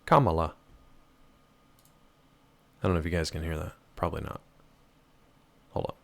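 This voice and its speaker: A man's voice: very deep voice, moderate pace, gravelly. A man streaming a game live, chatting casually and teasing his chat as he answers them.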